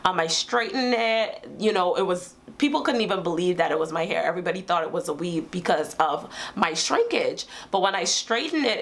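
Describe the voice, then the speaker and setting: A woman's voice: mid-range voice, a bit bright. A woman with a cold, her voice nasal, chatting casually to camera as a hair vlogger with sassy asides. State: has a cold. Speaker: beauty vlogger.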